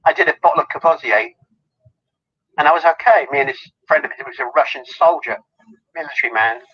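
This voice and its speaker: Man guest, husky, lively pitch, chatty storyteller, dull call sound. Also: quick pace. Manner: rambling anecdotes, giggling. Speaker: guest, celebrity lookalike. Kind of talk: casual interview chat.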